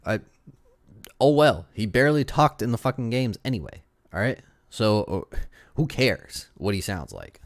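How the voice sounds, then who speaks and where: Man, very deep voice, dry close sound, sarcastic, rambling casual commentary. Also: lively intonation, normal speed, dry recording. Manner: sarcastic, argues back at critics; rambling with restarts and fillers. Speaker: YouTube movie commentator.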